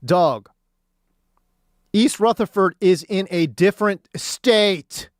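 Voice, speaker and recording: A man hosting sports talk radio rants in a loose, slangy monologue, his pitch swinging widely as he works himself up. His voice is dry and close to the studio mic, with no room echo. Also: a little slow. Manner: animated, ranting, slangy.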